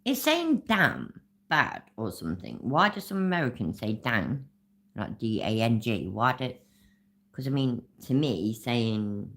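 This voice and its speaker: A woman's voice: extremely low pitch, very animated, measured pace, fairly bright tone. A woman hosting a reaction commentary, mocking and sarcastic, swearing freely. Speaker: channel host.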